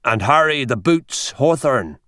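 A man voicing a gruff, burly older country doctor who growls and blusters, in an audiobook reading. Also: mid-range voice, expressive, unhurried, fairly bright tone, no room sound, clean studio sound.

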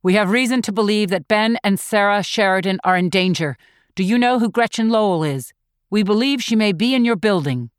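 A woman's voice: mid-range voice, a little fast, smooth, no room sound, natural voice. Urgent commanding male detective, as a woman narrator reads him, clipped orders, dry close sound.

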